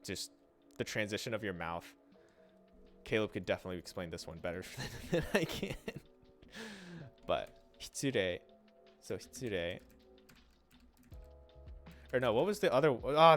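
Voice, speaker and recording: A young man with a fairly low voice talks casually through a pronunciation lesson on a livestream. He trails off, restarts and slows down to sound out syllables. Faint music plays softly behind him. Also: expressive. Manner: loose and chatty, trails off and restarts, demonstrates sounds slowly. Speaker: streamer teaching Japanese.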